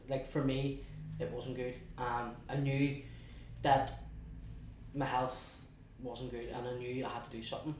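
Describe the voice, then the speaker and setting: A young man with a Belfast accent tells his story in a chatty, halting way, often restarting and slipping into quoted asides. His voice sits at an ordinary middle pitch. It is heard from a distance in a very echoey room. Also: level tone, darkish tone, a little hiss or hum. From West Belfast, Northern Ireland. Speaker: guest. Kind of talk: casual storytelling interview.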